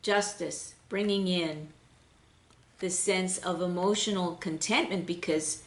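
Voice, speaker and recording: Low-pitched woman reading tarot cards. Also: steady tone, slow, reverberant. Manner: gentle, flowing, with fillers and restarts. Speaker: intuitive tarot reader. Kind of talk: unscripted spiritual card reading.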